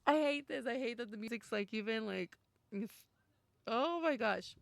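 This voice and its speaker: A young woman playing through a story game on stream, reading it aloud and reacting emotionally, gushing and laughing nervously. Her voice has a gravelly fry to it. The sound is close and dry, with no room around it. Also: fairly high pitch, expressive, moderate pace, no room sound. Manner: emotional, gushing and easily frightened, laughs often.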